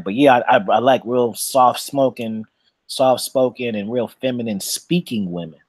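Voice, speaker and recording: A man's voice: mid-range voice, darkish tone, dry recording. A man co-hosting a casual, uncensored chat, talking in a boastful, profane, slick storytelling way. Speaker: podcast co-host.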